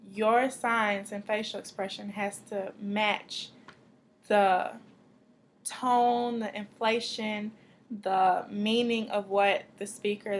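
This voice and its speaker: A woman's voice: medium pitch, a little hiss or hum. A woman teaching a church sign language class, explaining with acted-out examples.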